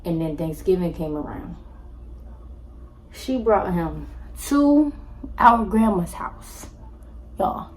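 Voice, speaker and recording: A young woman telling a personal story to her viewers in a casual, animated way, talking to them directly and acting out what others said. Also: slow, pauses often, poor audio. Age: young adult. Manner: animated, acts out quotes with jumps in pitch; addresses viewers directly as y'all. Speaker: storytime vlogger.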